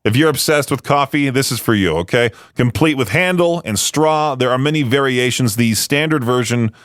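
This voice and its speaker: A man's voice: medium pitch, moderate pace, a bit bright, no echo. A man hosting a radio show in a studio, chatting casually with lots of fillers and self-deprecating asides. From United States. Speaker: radio host.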